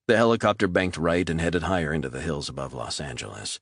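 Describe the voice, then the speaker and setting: A man reading a thriller audiobook as narrator, steady and measured. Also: a bass voice, gravelly, slightly rough, no echo, studio quality. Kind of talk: scripted narration.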